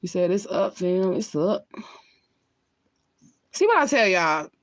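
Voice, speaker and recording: A woman's voice: lowish voice, moderate pace, dry recording. A woman chatting casually on her livestream, rambling and cursing, laughing often as she smokes between thoughts. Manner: talks while lighting and smoking. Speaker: spiritual reader on a livestream.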